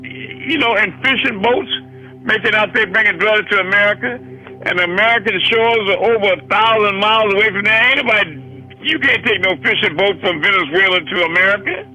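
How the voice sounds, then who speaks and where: A man's voice: sits high, a little fast, pushed and bright, soft background music, poor audio. A man preaching a fiery sermon, swearing freely and hammering rhetorical questions. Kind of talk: impassioned sermon.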